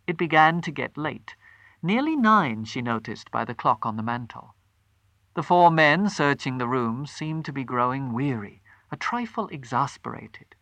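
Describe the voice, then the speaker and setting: A man reads a story aloud in a measured, expressive way. His voice is bright and lively in pitch, recorded close and dry. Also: dry recording. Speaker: narrator. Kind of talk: storytelling reading.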